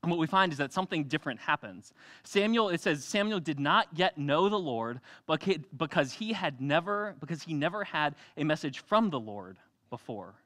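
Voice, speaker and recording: Animated bright-voiced male preacher. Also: a little high, moderate pace. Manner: animated storytelling, acts out voices, laughs often. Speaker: pastor. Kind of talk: sermon.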